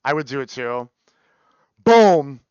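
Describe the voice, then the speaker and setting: A man chatting on a live stream, excitable, swearing and repeating words in quick runs. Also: mid-range voice, a little hiss or hum. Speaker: variety streamer. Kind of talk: casual live stream chat. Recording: dull lo-fi stream audio.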